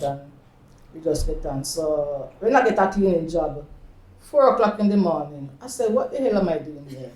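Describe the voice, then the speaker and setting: A woman's voice: mid-range voice, darkish tone. A Jamaican woman in her fifties tells personal stories in an interview, laughing often and slipping into patois. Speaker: oral history interviewee. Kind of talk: personal storytelling. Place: community centre room. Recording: echoey room.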